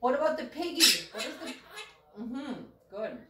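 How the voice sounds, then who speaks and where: Woman, high pet-talk voice, coaxing and praising; distant, noisy home recording. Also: animated, moderate pace, echoey room. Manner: coaxing, praising, sing-song. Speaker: pet owner talking to her parrot.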